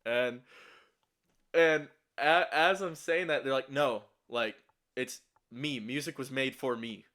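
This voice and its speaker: A young man tells a story in casual talk, rambling and swearing as he stumbles through restarts and fillers. He sounds shaky and anxious, and his pitch sits in an ordinary middle range. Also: slow pace, pushed and bright.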